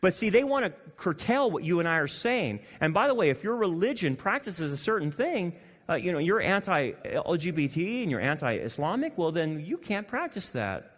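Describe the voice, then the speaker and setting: A male pastor preaching a sermon, animated and swinging between loud emphasis and quiet asides. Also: sits high, moderate pace, big-room sound. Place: church hall.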